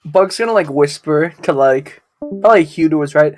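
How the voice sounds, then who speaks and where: A woman's voice: low voice, normal speed, over music. A woman playing in a tabletop game who describes her character's actions in a loose, giggly way full of likes. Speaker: player.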